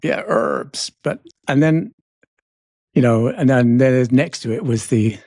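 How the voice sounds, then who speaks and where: A man's voice: mid-range voice, expressive, unhurried, warm tone, dry recording, clean studio sound. A middle-aged Englishman with a London accent, chatting casually as co-host and telling rambling, self-mocking stories. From England. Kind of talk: casual chat.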